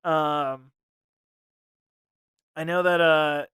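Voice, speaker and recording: Young male podcast co-host, bright crisp voice, dry close mic, giggly and scattered. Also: on the high side, steady tone, drawn-out words, no room sound. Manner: laughs often, trails off searching for names. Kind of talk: casual chat.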